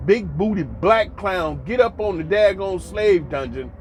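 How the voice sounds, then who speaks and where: A man's voice: high-pitched, animated, a little slow, a little hiss or hum. An American man hosting a monologue commentary, emphatic and preachy, repeating lines for effect with mocking asides. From United States. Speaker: commentary host.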